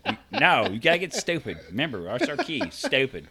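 A man's voice: mid-range voice, big pitch swings, a little fast, a crowd in the background. A man with a rural American accent hosting a casual, crude podcast, reading news stories aloud and teasing his co-hosts with quiz questions. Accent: rural American (self-described redneck). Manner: laughs often, reads stories aloud, teasing quizzes.

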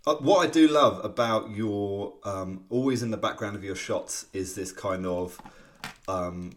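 A man's voice: lowish voice, unhurried, slight background noise. A man co-hosting a podcast in casual chat, playful and rambling, teasing his co-host. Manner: playful, rambling, often restarts and teases.

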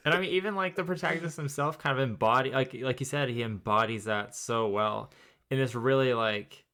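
A thoughtful man co-hosting a podcast, talking through ideas in long, meandering sentences. His voice is smooth and resonant, pitched in the middle. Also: a little fast, bright, forceful tone. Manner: thoughtful, rambling, many fillers. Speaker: podcast co-host. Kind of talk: casual chat.

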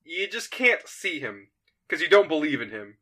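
A man's voice: on the high side, very animated, normal speed, sharp tone, exaggerated voice. A man reading out the lines of a young boy, hesitant and matter-of-fact. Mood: puzzled. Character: young boy who talks to an invisible being.

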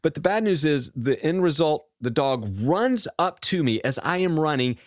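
A podcast co-host, a man, tells a story during casual podcast chat, animatedly acting out quoted voices. His voice is on the high side at normal speed, captured in clean studio sound with no room sound.

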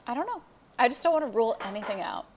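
A young woman co-hosting a podcast, chatting casually in a playful, animated way and pushing wild theories. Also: a little high, racing, background noise. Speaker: podcast co-host. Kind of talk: casual chat.

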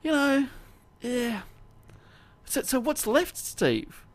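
A man's voice: very high-pitched, sing-song, very slow. A man co-hosting a casual chat, rambling with many restarts and laughs. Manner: rambling, self-interrupting, laughs often. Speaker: podcast co-host.

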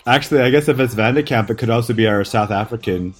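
A man's voice: medium pitch, fast talker, faint music behind. A man co-hosting a comedy podcast who talks in a goofy, rambling way, tripping over his words. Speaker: podcast co-host. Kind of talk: joking casual chat.

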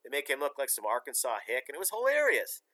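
A man's voice: medium pitch, huge pitch swings, fast, bright, forceful tone. A man hosting a casual talk show, giving emphatic, rambling opinions.

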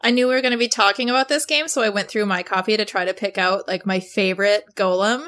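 A woman's voice: medium pitch, steady tone, fast, fairly bright tone. A woman telling a story in casual chat as a podcast co-host, upbeat.

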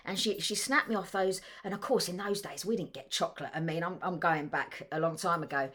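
A woman's voice: on the low side, brisk, fairly bright tone. Fond woman storyteller. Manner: fond, rambling storyteller with many restarts. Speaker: podcast co-host. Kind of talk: casual chat, telling a childhood memory.

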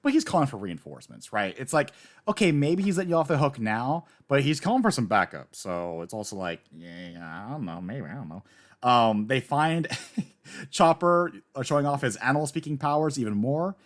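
Male co-host, casual anime recap chat, lively voice that climbs and dips, jokey. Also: medium pitch. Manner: animated, jokey, quick to laugh. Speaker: podcast co-host.

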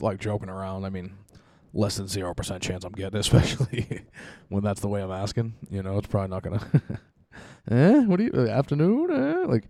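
A man's voice: low-pitched, warm tone, dry recording. A young man hosting a podcast, chatting casually and rambling through a funny story, laughing often and swearing a lot into a close microphone. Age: young adult. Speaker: podcast host. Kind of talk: casual chat. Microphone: close podcast mic.

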